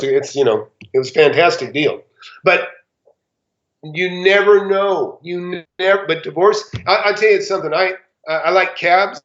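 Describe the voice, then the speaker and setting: A high-voiced man telling a story with animated, theatrical energy and acting out each person in it. He speaks as a seasoned property investor. The sound is echoey and a little dull. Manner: animated, acts out quoted dialogue with big pitch jumps. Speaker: real estate investor guest. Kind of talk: casual anecdotal storytelling.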